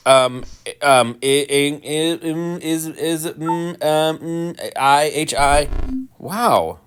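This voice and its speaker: A man giving casual, rambling commentary while playing a game, full of ums and restarts, with animated mock-indignant asides. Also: a little high, drawn-out words, smooth. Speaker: gaming channel host.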